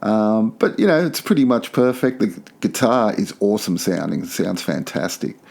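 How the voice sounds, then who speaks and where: A man's voice: fairly low pitch, very animated, moderate pace, creaky, a little mellow. A man hosting a podcast, giving a casual track-by-track album review in an enthusiastic, opinionated way, often repeating himself for emphasis. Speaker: podcast host.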